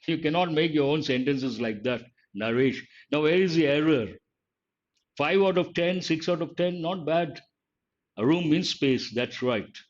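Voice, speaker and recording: An older man with an Indian English accent teaching an online grammar lesson, emphatic and repeating key phrases slowly. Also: on the high side. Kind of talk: online exam-prep lesson. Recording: slightly dull lo-fi audio.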